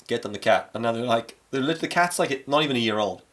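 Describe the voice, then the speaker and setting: Man, 30s, podcast co-host, deadpan, swears a lot, quick delivery. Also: medium pitch. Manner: dry, deadpan jokes and swearing. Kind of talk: casual chat.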